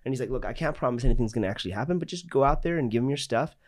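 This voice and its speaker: Guy hosting a podcast, mid-pitched voice, chatty and animated, lots of "like". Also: rapid-fire. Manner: animated, lots of "like" and quoted dialogue. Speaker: podcast host. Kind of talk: casual storytelling.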